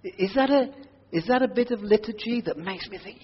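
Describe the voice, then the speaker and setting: A man preaching a sermon to a church congregation, earnest, moving between quiet prayerful asides and loud emphatic declarations. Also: high-pitched, lively intonation, normal speed, few pauses, slightly rough. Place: church hall. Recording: dull audio with long hall reverb.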